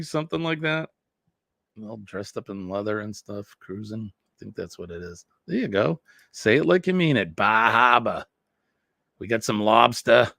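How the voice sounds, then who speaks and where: A man's voice: mid-range voice, no room sound. A man, chatting casually with viewers as host of a morning live stream, rambling and reading comments aloud. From New England. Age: 50s.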